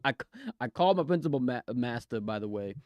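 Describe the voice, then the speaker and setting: A young man chatting excitedly on a live stream, giggling often and talking in loose slang. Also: mid-range voice, a little fast, no echo, clean studio sound. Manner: excitable, giggly, slangy, keeps saying "bro". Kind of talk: casual live-stream chat. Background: faint music.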